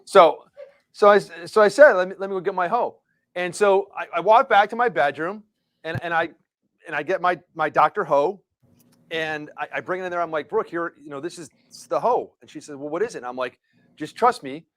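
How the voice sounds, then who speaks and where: A middle-aged man with a slightly high voice, rambling through a story with lots of restarts. The sound is dry and close. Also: normal speed, fairly bright tone, no echo. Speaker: co-host. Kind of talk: casual live show banter.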